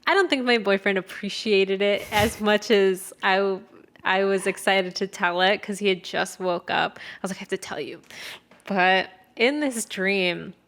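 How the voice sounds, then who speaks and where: A woman's voice: medium pitch, steady tone, a little slow, a bit bright. Young female podcast co-host, chatty and rambling, mid-range voice, swears casually. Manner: rambling storyteller, lots of filler "like", casual swearing. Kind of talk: casual chat.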